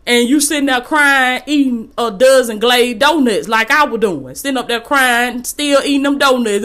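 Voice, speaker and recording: Woman, podcast host, motivational faith talk, preachy, folksy, slightly high voice. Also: normal speed, hardly any pauses, sharp tone. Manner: emphatic and preachy, repeats phrases for emphasis; folksy, addresses listeners as y'all. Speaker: podcast host and life coach.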